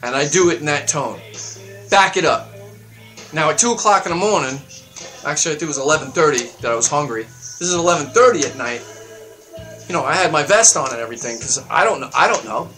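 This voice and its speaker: A man hosting his own show, delivering a heated political rant that swings up into loud, high outbursts. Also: expressive, quick pace, soft background music. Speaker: show host. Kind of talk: ranting political monologue.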